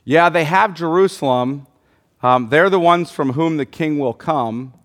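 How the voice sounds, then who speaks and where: A man's voice: a little high, a little slow. Man teaching a Bible class. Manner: thinking aloud, many ums and restarts, quizzing the group. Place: room with a group of listeners.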